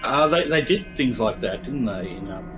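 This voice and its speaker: A man's voice: medium pitch, animated, moderate pace, music in the background, low-quality recording. Musing man explaining game details. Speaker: let's play commentator. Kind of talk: casual gameplay commentary.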